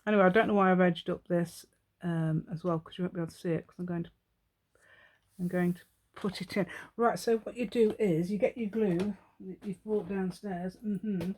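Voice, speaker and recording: A woman's voice: fairly low pitch, steady tone, moderate pace, a little mellow, husky. A woman hosting a crafting tutorial, chatting as she works, rambling and laughing often. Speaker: craft channel host.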